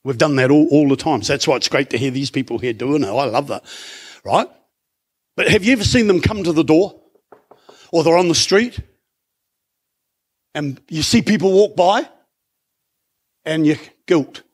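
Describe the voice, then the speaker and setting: A middle-aged Australian man delivers a sermon in a high, expressive voice that leaps up and down. His tone is slightly husky, and his conversational style keeps asking the congregation questions. Faint guitar music plays behind him. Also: moderate pace, pauses often. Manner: animated, conversational preaching with rhetorical questions. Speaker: pastor. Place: church.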